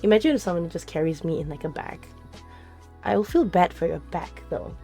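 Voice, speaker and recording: A woman's voice: lowish voice, animated, brisk, gravelly, warm tone. A woman streamer chatting casually with her live chat, giggling often and answering questions as they come. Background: faint background music.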